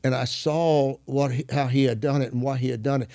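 Gravelly man telling a faith story. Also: medium pitch, no room sound. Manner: animated, acts out quoted dialogue; halting restarts while searching for words. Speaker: guest minister. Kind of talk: conversational testimony storytelling.

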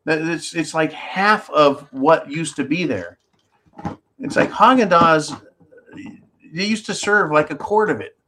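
A man's voice: on the high side, measured pace, pushed and bright, a little hiss or hum. A man hosting a call-in style commentary show, reading out viewer comments and ranting sarcastically, swearing freely as he rambles. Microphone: holds objects up to a camera while talking.

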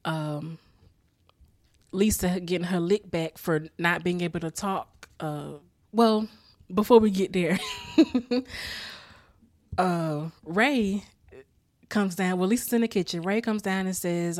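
A woman's voice: fairly low pitch, slow, long pauses, no echo, studio quality. Laughing, profane woman recapping a sitcom. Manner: profane, laughs often, animated storytelling. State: tired after a rough weekend. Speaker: podcast host recapping a sitcom. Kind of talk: casual chat recap.

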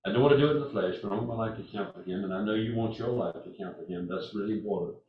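An older man preaching a sermon, speaking earnestly and repeating himself, with lively storytelling. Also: lowish voice. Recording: echoey hall from far off, dull.

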